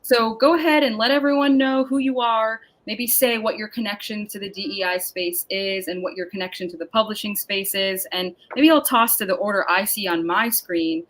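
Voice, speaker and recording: A woman hosting a panel discussion over a video call, speaking in an upbeat, emphatic and deliberate way. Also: medium pitch, fairly bright tone, poor audio. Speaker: panel host and moderator. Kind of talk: scripted-sounding webinar introduction.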